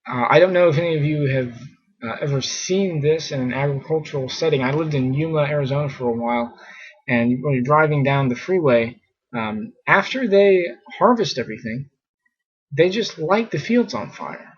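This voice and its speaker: Husky man giving casual scripture commentary. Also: fairly high pitch, normal speed. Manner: conversational, many fillers, mockingly exasperated. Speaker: scripture teacher. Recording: muffled lo-fi recording.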